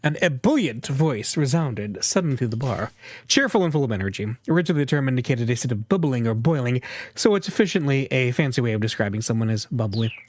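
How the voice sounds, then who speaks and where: A man reading a story game's text aloud in an even narrating voice. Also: mid-range voice, fast, no echo. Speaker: let's-play narrator.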